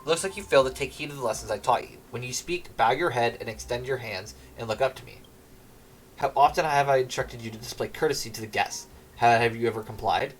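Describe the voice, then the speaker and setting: A man's voice: medium pitch, quick pace, faint music behind, natural voice, poor audio. A man reading a pompous noble lord in a game aloud, in a haughty, grandiose manner. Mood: scornful.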